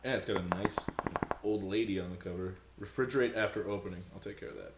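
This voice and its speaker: A man's voice: fairly low pitch, fast, a crowd in the background. Young man hosting a casual podcast. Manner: chatty, laughs often, reads labels aloud. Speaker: podcast host. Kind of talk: casual chat.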